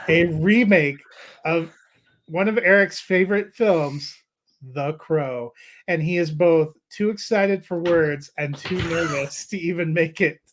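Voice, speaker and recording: A man co-hosting a movie review podcast, talking in a relaxed, rambling way with many fillers as he wraps up the episode. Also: on the high side. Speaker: podcast co-host. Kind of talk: casual movie review chat.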